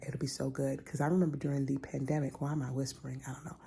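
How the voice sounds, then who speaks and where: Casual woman vlogger: low, gravelly, mellow voice, chatty, drifting into whispers. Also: flat delivery, quick pace, hardly any pauses. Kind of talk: casual vlog chat.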